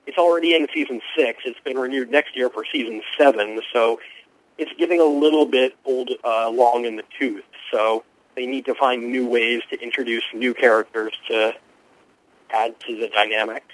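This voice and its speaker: A man who is a guest TV critic, giving quick, informed and enthusiastic answers in a radio interview. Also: medium pitch, fairly even intonation, no room sound, low-quality recording.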